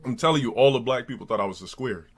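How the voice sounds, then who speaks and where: A man live streaming, telling a crude story in a loud, profane voice, jumping into high mocking voices to quote people. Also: quick pace, soft background music.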